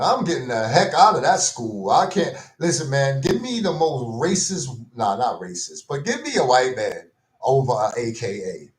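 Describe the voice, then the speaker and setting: A man's voice: medium pitch, big pitch swings, normal speed. Slangy ranting man in an echoey room. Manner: slangy, repetitive, exasperated ranting with frequent "man" and "bro". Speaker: commentary vlogger. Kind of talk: casual rant.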